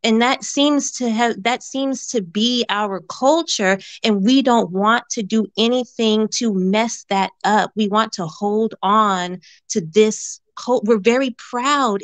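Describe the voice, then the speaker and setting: A woman calls in to a talk show and speaks earnestly, repeating words as she works out her point. Her voice is medium-pitched and the recording is dry.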